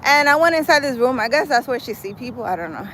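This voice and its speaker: A woman's voice: high-pitched, lively intonation, quick pace, a bit bright, slight background noise, low-quality recording. A woman chatting casually on a live stream while walking, rambling with lots of "like" and "I don't know". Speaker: vlogger reading live chat. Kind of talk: casual chat on a live walk. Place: outdoors in a city park.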